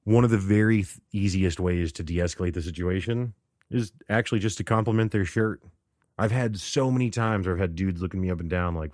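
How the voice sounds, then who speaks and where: Low-voiced man musing on a podcast. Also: a little fast, a little mellow, no echo, clean studio sound. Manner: conversational, laughs often, acts out quoted people. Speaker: podcast host. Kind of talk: casual solo podcast monologue.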